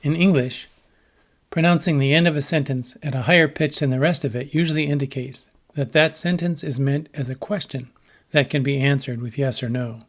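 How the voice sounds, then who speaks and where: A man giving a scripted educational narration about language, speaking in a measured, explanatory way and voicing short example sentences. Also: medium pitch, fairly even intonation. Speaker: lecturer on translation.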